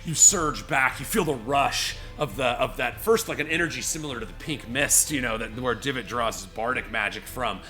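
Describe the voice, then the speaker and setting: Faint music plays behind a game master who speaks at medium pitch and a normal speed with few pauses. His narration rambles, thick with "you know" and "like," and he acts out the scene with animation.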